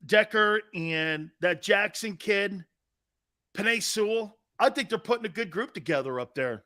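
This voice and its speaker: High, lively, sarcastic sports-talk man. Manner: sarcastic, mock-excited, bursts into shouts. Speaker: sports talk show host. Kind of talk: sports talk radio rant.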